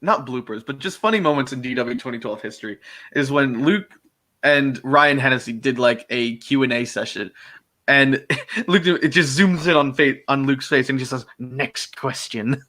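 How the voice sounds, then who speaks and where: A young man, chatting casually about fan films, laughing often and slipping into quick impressions. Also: mid-range voice, sharp tone. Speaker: fan-film actor and co-host. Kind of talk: casual chat.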